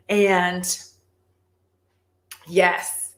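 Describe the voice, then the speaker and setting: Animated woman chatting in an echoey room. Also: medium pitch, takes it slowly, pauses often. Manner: animated, swears, laughs often. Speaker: vlogger. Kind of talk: casual livestream chat.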